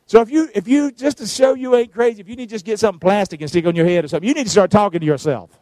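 A middle-aged man preaches with emphatic, call-and-response energy. His voice sits high for a man. The sound is close and dry, with no room around it. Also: racing, mellow, no room sound. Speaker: pastor. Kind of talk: sermon.

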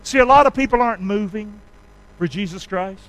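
A male pastor preaching a sermon, leading his congregation in call-and-response and swinging from shouts to quiet asides. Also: sits high, fairly quick, poor audio. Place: church sanctuary.

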